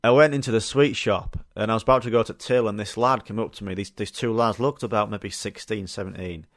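Chatty Yorkshire lad with a dry sound. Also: male voice, on the low side, fairly even intonation, fairly quick, no echo. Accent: Yorkshire English. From Yorkshire, England. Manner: rambling and chatty, frequent fillers and swearing. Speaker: podcast host. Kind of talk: casual storytelling chat.

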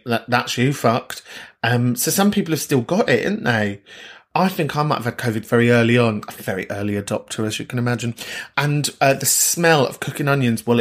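A man hosting a podcast, chatting casually and swearing freely as he reacts to listener messages. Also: medium pitch. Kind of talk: casual chat.

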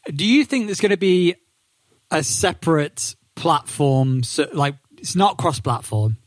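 A man's voice: a little high, animated, a little slow, no echo, studio quality. A man co-hosting a casual gaming podcast, asking playful, teasing questions. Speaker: podcast co-host.

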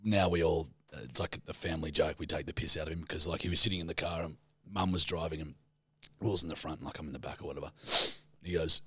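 A man's voice: rumbling low, fairly even intonation, quick pace, bright, forceful tone, husky. A young man, co-hosting a podcast in casual chat, crude and joking, slipping into mock-formal impressions. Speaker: podcast co-host.

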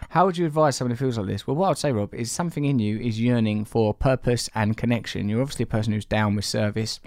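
A man's voice: medium pitch, quick pace, few pauses, a little mellow, dry recording, studio quality. A man hosting a podcast, reading listener emails and answering in a rambling, playful, chatty way. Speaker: podcast host.

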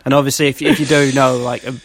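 A young man, a podcast guest, telling travel anecdotes in an animated, chatty way. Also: medium pitch, fast talker, no echo, faint music behind. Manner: animated storytelling with laughs. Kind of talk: casual chat.

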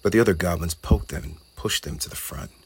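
A man narrating a children's storybook in a gentle, measured way. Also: low voice, vocal fry, breathy edge.

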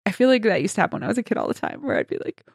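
A woman's voice: mid-range voice, huge pitch swings, rapid-fire, vocal fry, no echo, clean studio sound. A woman co-hosting a podcast, recapping a TV episode in casual chat, swearing freely and quoting characters in funny voices. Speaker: podcast co-host.

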